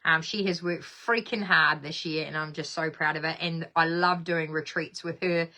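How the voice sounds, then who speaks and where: A woman's voice: low voice, fairly even intonation, normal speed, pushed and bright. A woman hosting a casual craft live stream, bubbly and chatty, reading viewer comments aloud and laughing often.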